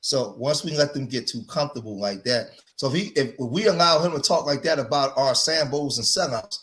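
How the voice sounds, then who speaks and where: A man's voice: medium pitch, a little fast, a bit bright. A man hosting a livestream, delivering emphatic, preachy commentary, repeating himself and saying "man" often. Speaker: streamer and commentator.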